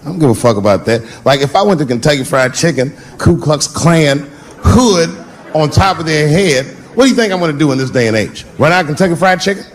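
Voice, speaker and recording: A man's voice: on the high side, animated, brisk. A middle-aged man doing a stand-up comedy set in a large theater, brash and profane, stretching out his punchlines and slipping into playful voice shifts. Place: large theater with live audience. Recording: live crowd laughter, background noise. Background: audience laughter and room noise.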